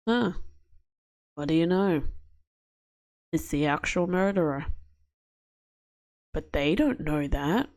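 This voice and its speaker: A woman's voice: low-pitched, animated, takes it slowly, pauses often, a little mellow. A woman streamer making casual, chatty asides while playing a game, with game music behind. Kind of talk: casual gameplay commentary.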